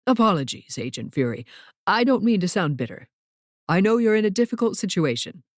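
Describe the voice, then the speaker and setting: A woman's voice: medium pitch, sing-song, fairly quick, no echo, studio quality. A woman reading an audiobook, voicing a fussy, dramatic male wizard clerk who speaks in a formal, theatrical way.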